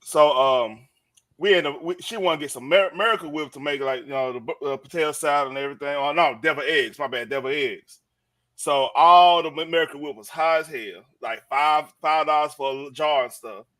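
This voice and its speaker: Guy with a bright, sharp voice telling a rambling story, kinda halting. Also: a little high. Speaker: podcast co-host. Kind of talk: casual storytelling.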